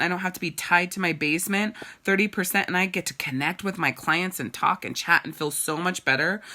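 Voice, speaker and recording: A woman's voice: low voice, bright, forceful tone. A woman running a casual live video for her followers, candid and gushing, swearing casually as she talks about her clothing business. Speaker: boutique owner and sales consultant.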